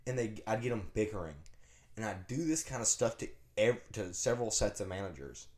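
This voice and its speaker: A man with a somewhat low voice tells brash, laid-back stories on a casual podcast. His voice carries a noticeable room echo. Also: animated, brisk, a little mellow. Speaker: podcast co-host. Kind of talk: casual chat, storytelling. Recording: roomy echo.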